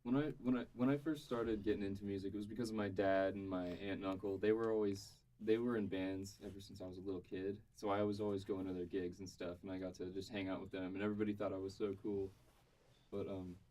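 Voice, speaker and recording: A man in a band, talking quickly and stumbling a little in a radio interview, and playing himself down. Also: sits low, little pitch movement, mellow. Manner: quick, self-deprecating, stumbling. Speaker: band musician guest. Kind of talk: casual radio interview chat. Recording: too far from the mic.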